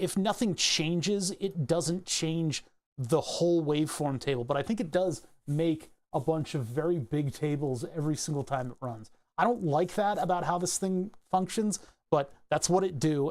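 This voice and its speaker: A man's voice: a little high, a little mellow. A man casually walking through his microcontroller code, rambling and self-correcting, laughing at himself now and then. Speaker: hobbyist electronics maker.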